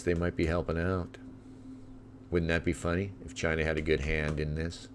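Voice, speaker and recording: With a bass voice and flat delivery at a moderate pace, a middle-aged Southern Californian man hosts a livestream amid background noise. He delivers crude, sardonic remarks over the live feeds.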